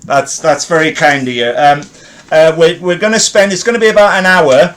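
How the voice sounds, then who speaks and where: A man's voice: fairly high pitch, normal speed, a bit bright. A man hosting a podcast interview, asking questions hesitantly and repeating his words. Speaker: podcast host.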